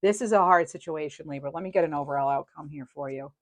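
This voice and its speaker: A woman giving a casual tarot reading to camera. She is chatty, gentle and sympathetic, thinks aloud and often laughs. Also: deep voice, fast, no room sound. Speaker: tarot reader.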